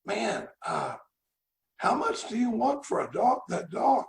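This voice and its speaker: Man playing an astonished eager guy, gravelly, pitched up, echoey. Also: big pitch swings, takes it slowly, full character voice. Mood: amazed. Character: amazed male passer-by, excitable.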